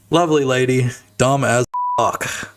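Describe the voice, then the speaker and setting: A man's voice: mid-range voice, background noise. A young man streaming his game development live, talking crudely and jokily in rambling bursts full of filler tags. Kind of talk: casual live-stream chat.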